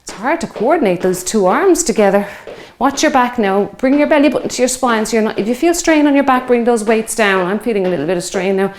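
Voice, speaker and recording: A woman's voice: a little high, animated, fast, few pauses, slight background noise. A woman in her fifties leading a workout, chatty and encouraging, counting reps aloud while out of breath from exercising along. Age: 50s. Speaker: fitness instructor. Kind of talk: guided workout instruction.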